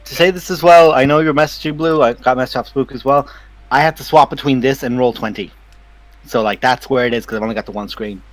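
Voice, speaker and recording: A man running a tabletop game as game master, narrating in an animated, laughing way. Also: mid-range voice, quick pace.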